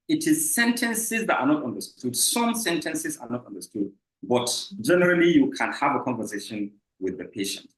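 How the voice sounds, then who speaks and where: Male clinical instructor, explanatory lecture delivery, mid pitch, roomy echo. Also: sing-song, moderate pace, a bit bright. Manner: explanatory, repeats key points, frequent "uh" fillers. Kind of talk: recorded teaching lecture. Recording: echoey room.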